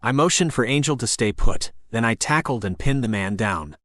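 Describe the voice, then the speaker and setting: A man reads a first-person novel aloud as an audiobook narrator, keeping a steady, even storytelling delivery. His voice sits at a middle pitch and is recorded close and dry, with no room sound around it. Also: normal speed, no echo.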